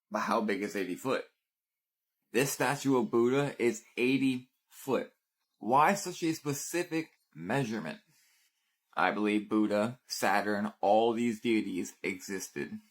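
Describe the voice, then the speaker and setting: A man's voice: on the low side, husky. A man giving a speculative monologue to viewers in a short video, in a conspiratorial manner full of leading questions.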